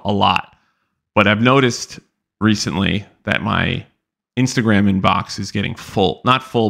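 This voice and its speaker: Young male podcast host, low gravelly voice, loose profane storytelling. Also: a bit bright. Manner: rambling, profane, exasperated retelling. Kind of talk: casual storytelling monologue.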